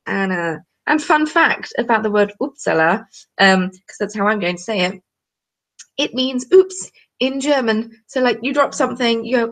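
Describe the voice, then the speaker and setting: Bubbly young woman chatting on a live stream, bit of vocal fry. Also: fairly high pitch, lively intonation, normal speed, a bit bright. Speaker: craft channel host. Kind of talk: casual live-stream chat.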